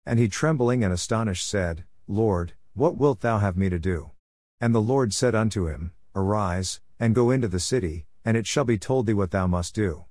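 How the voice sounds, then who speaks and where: A man giving a measured, even reading of scripture in a scripted style. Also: lowish voice, no echo, studio quality. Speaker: Bible reader.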